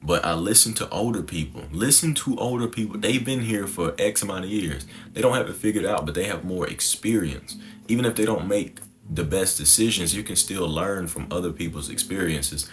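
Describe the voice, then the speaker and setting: Deep-voiced young man telling his story. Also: fairly quick. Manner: reflective, conversational, slangy. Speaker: content creator. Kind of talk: personal storytelling monologue.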